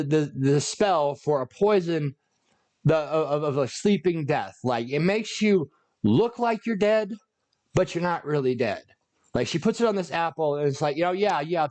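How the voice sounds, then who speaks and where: A man giving an unscripted, rambling, sarcastic and profane rant about a movie. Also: a little high. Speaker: video creator.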